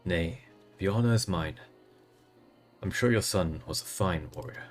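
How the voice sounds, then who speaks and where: A man's voice: low voice, unhurried, soft background music. A man voicing a courteous, dignified young lord who speaks in formal, courtly phrases. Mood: respectful.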